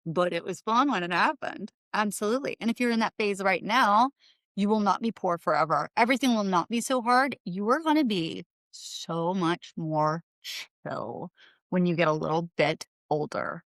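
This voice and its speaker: A middle-aged woman hosts a podcast, chatting away in a rambling solo monologue packed with "like" and side comments. Her voice is medium in pitch and fairly bright, delivered at a normal pace with no echo.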